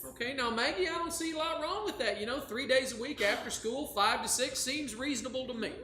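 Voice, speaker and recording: A man's voice: very high-pitched, fairly quick, pushed and bright, a little hiss or hum. A man playing an emphatic, hammy daytime talk-show therapist on a live stage. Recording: live stage with room echo.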